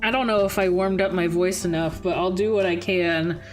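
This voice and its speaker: A woman's voice: fairly low pitch, steady tone, normal speed, faint music behind. A woman streamer chatting casually and reading game narration aloud, laughing easily.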